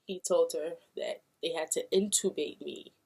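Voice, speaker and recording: There's vocal fry in her low-pitched, husky, dark voice, and she talks at normal speed. The speaker is a young adult vlogger from Brooklyn, New York, casually recounting a personal story to camera while acting out quoted voices.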